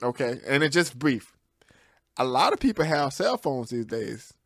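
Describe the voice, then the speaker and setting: A man's voice: mid-range voice, big pitch swings, moderate pace, fairly bright tone, no echo. A man co-hosting a casual talk podcast in a small studio, teasing and laughing often as he playfully provokes his co-host. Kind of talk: casual talk show banter.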